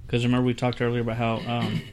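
A man's voice: mid-range voice, monotone, racing, soft background music. A man co-hosting a casual beer-tasting podcast, thoughtful and hedging, often restarting his sentences. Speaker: podcast co-host.

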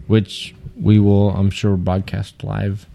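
A man's voice: fairly low pitch, monotone, slow pace, gravelly, dark tone. Joking man walking through a brew recipe. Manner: loose and joking, with frequent restarts. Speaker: podcast co-host and homebrewer. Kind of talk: casual chat explaining a recipe.

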